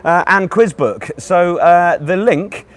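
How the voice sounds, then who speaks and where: A man hosts a live quiz stream, out of breath and with a hoarse, worn-out voice. He sits a little high in pitch and chats loosely, greeting viewers by name and reading out their messages. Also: slow pace. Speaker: quiz host.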